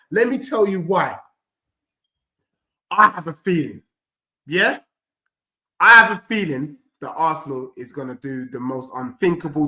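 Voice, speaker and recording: A man reacting live to a football match as a fan streamer, excitable and shouting, his voice going hoarse. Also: high voice, roomy sound. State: losing his voice.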